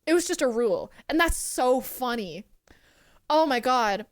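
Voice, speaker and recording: A woman streamer chatting casually with her live chat, excitable and giggly, swearing freely. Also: high voice, unhurried, no room sound, studio quality. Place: home streaming room.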